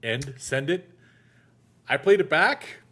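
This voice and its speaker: Animated man telling a casual story. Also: on the high side, takes it slowly, breathy edge. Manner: animated storyteller, acts out quoted voices. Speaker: podcast host. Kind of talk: casual chat.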